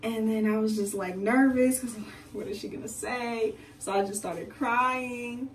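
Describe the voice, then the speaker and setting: A young woman, a beauty vlogger, chatting casually with viewers in an animated way as she tells a personal story during a hair routine at home. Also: fairly high pitch, moderate pace, recorded from a distance, a little hiss or hum. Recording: echoey room, away from the mic.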